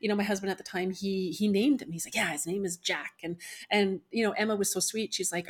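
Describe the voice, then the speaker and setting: A woman's voice: medium pitch, steady tone, fast, husky. A middle-aged woman, a spiritual medium, earnestly and emotionally telling a personal story as a podcast guest. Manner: earnest, emotional retelling with quoted voices.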